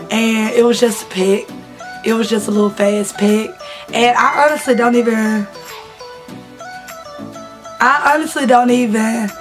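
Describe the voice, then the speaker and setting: A woman, telling candid, laughing stories to her vlog audience. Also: a little high. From Southern United States. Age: 20s. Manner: chatty, laughing, slangy and candid. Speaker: vlogger. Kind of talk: casual storytelling to camera.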